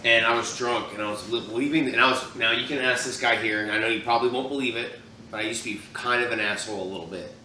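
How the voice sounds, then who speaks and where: A man co-hosting a podcast, telling crude stories in animated casual banter. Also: mid-range voice, fast, reverberant, distant mic, slight background noise, poor audio. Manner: crude, animated storytelling, swears a lot. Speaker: podcast co-host.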